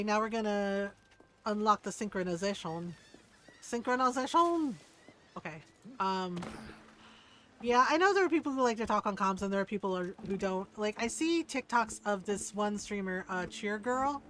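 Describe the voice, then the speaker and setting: A woman's voice: medium pitch, a little hiss or hum. Chatty, profane woman streamer. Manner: chatty, profane, laughing, lots of fillers; also reads game story aloud at a brisk pace. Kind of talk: casual gaming stream chat.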